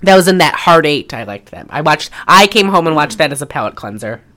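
Brisk and deep-voiced, a podcast co-host chats casually while giving an animated retelling of a film. Her talk is full of laughter and free swearing.

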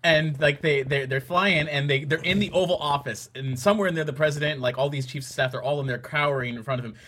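A man co-hosting a casual podcast chat, acting out film lines and shouting and laughing as he retells scenes. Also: fairly high pitch, fast, slight background noise. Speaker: podcast co-host.

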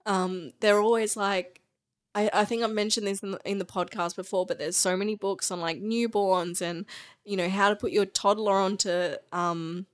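Middle-aged mum on a podcast, teary, laughing while crying, chatty. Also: female voice, mid-range voice, fairly even intonation, moderate pace. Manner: tearful, laughing through crying. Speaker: podcast co-host, mother. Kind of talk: emotional casual chat.

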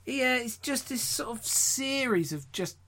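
Sardonic man in a lively comedy chat. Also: extremely high pitch, a little slow. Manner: sardonic, swearing, laughs often. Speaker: podcast co-host. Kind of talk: casual comedic review chat.

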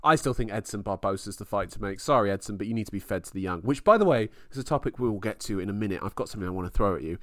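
A man co-hosting a casual fight podcast, excitable, laughing often and swearing freely. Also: lowish voice, very fast, few pauses, no room sound, studio quality. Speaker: podcast co-host.

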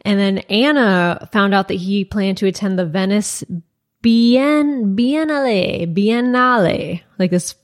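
A woman's voice: medium pitch, fairly even intonation. Chatty young woman telling a story. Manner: chatty, frequent "like" fillers, quick asides. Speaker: podcast co-host. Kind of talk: casual storytelling chat.

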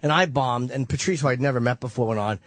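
A man telling road stories as a comedian on a casual podcast, profane and animated. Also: mid-range voice, fast, no echo.

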